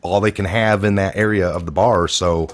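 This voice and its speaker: A man with a low, steady voice speaks at a moderate pace as host of a casual political talk podcast. He rambles with lots of fillers and restarts, raising his voice to act out the people he quotes.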